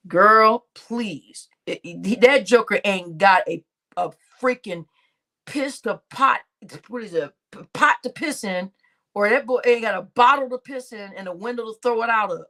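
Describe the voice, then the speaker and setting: A woman's voice: on the high side, unhurried, long pauses, pushed and bright. Blunt, profane woman ranting on a live stream. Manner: slangy, laughs between remarks. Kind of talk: casual live stream rant.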